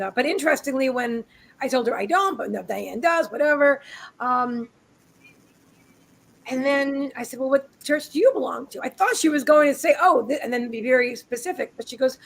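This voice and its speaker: A high-pitched woman chatting on a live video stream from her home. She tells stories in a rambling, friendly way, full of restarts and asides, with the easy tone of a regular co-host. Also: poor audio. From United States. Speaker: co-host of a live psychic reading show. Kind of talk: casual live-stream chat. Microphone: webcam on a live video stream.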